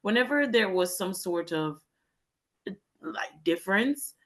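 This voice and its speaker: A Jamaican woman who teaches English in Japan chats casually as an interview guest, speaking slowly and expressively in a mid-range, fairly bright voice. She tells stories and acts out the exchanges she describes.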